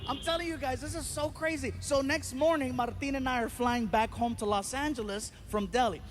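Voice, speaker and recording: A male stand-up comedian telling a story on stage, animated and acting out the voices of the people in it. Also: very high voice, a little fast, noisy background.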